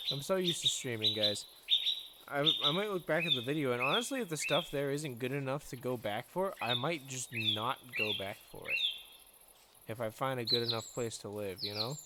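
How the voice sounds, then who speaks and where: A gaming channel host chats to himself and his viewers while playing, in let's play commentary. His voice is medium-pitched, and there's heavy background noise.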